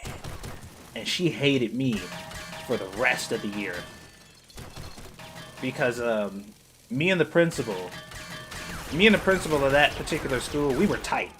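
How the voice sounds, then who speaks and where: A man streaming a co-op game, telling a school story in animated, profane casual chat with frequent laughs. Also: medium pitch, unhurried, long pauses, music in the background. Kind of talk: casual chat while gaming.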